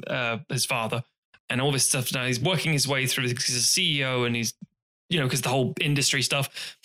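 A man co-hosting a podcast, chatting casually and animatedly about films, swearing and acting out scenes. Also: medium pitch. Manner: animated, swearing, acts out scenes in silly voices. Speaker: podcast co-host. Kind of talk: casual film chat.

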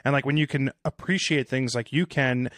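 A man's voice: medium pitch, moderate pace, a bit bright, no room sound, clean studio sound. A man in his thirties hosting a podcast, talking candidly and casually, swearing freely. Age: 30s. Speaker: podcast host.

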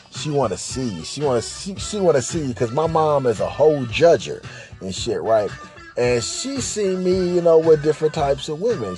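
A man's voice: mid-range voice, a little mellow. A man hosting a podcast, telling a crude comic story in a rambling, repetitive way and often checking in with the listener. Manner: rambling, repetitive, keeps asking "right?". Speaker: podcast host. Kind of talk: profane comic storytelling monologue.

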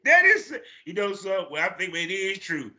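A man hosting a podcast in casual chat, animated and profane, acting out his own reactions. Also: high-pitched, moderate pace, dull audio. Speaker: podcast host.

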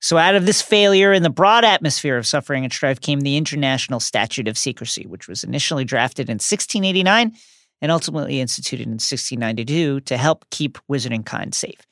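A man's voice: animated, fast, a bit bright, no echo, studio quality. A man co-hosting a podcast, reading book passages aloud with hammy, theatrical flair. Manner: hammy, theatrical reading with big pitch swings. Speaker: podcast co-host. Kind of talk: casual chat and reading aloud.

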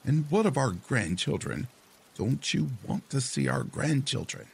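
A man's voice: expressive, a little slow, vocal fry, slightly rough, full character voice. A man voicing a greedy, nagging old fishwife in a storybook tale, speaking in a raised, insistent voice. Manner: shrill and insistent.

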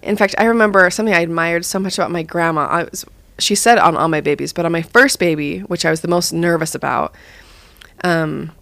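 A young woman and mother chatting casually about parenting, acting out her own lines in a higher voice. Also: creaky, fairly bright tone, no room sound. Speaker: mother sharing parenting advice. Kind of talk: casual podcast chat.

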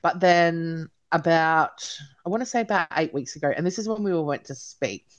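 A woman's voice: sits low, normal speed, dull audio. A woman guest talking frankly and casually in an interview, blunt and occasionally swearing. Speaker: podcast guest. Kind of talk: candid casual conversation.

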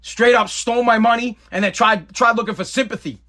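A man telling a personal story in a blunt, profane, animated way. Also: very high voice, fairly quick.

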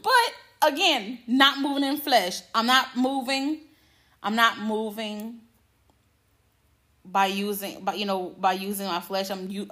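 A woman's voice: medium pitch, bright, forceful tone. Candid, profane woman podcaster. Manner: candid and profane, acts out quoted dialogue. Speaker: podcast host. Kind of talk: casual confessional podcast monologue.

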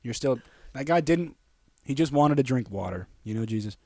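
A man's voice: mid-range voice, expressive, moderate pace, mellow, no echo. Young man riffing crude comedy bits. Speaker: podcast co-host. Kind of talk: casual comedy chat. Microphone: close studio mic.

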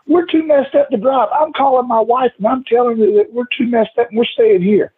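A man voicing a frantic, paranoid drunk man who pleads in a shrill voice, over a tinny call line. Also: fairly quick, husky, heavily acted. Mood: frantic insistence.

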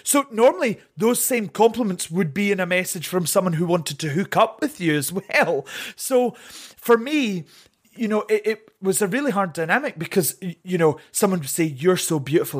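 A lively young man talks openly as an interview guest, his chatty delivery tripping over repeated words as he rushes ahead. He keeps slipping into quick mimicking voices to act out other people's lines. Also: high voice. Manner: animated and chatty, often stammering on repeated words. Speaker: interview guest, drag performer. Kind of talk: candid conversational interview.

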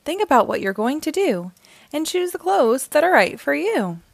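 A woman voicing a caring, patient tiger mother in a storybook read-aloud, in a gentle manner. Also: high-pitched, very animated, normal speed, vocal fry, dry recording, pitched above the performer's own voice, exaggerated voice.

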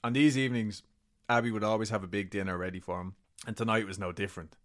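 A man's voice: fairly low pitch, steady tone, fast. A man co-hosting a podcast, casually retelling a story and reading quotes from a book, with swearing and laughing asides. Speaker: podcast co-host.

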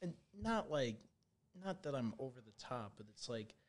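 A man hosting a casual podcast chat, talking loudly and rambling with lots of swearing and filler. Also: medium pitch, very animated, moderate pace. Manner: loud, rambling, swears freely. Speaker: podcast host.

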